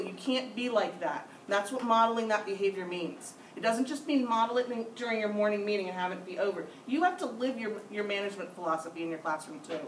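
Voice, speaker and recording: A woman's voice: medium pitch, fast, hardly any pauses. A woman instructor talks firmly and emphatically, stacking up short repeated points. She sits well back from the microphone in an echoey classroom with faint background noise. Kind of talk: classroom discussion. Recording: echoey room, mic far off.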